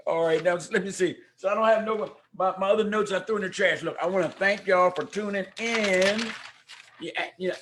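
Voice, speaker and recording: Energetic older man hosting a livestream. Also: high-pitched, normal speed. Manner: warm preacher-like exhortations. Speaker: host of a community talk show. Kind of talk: casual livestream talk. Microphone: microphone at home.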